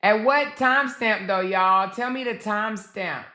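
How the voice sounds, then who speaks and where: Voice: medium pitch, unhurried, sharp tone. A host commenting casually on a livestream clip, chatting straight to the audience.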